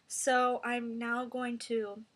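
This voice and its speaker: A woman giving a mock singing tutorial in a deadpan, rambling, self-serious way. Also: fairly high pitch, slow pace.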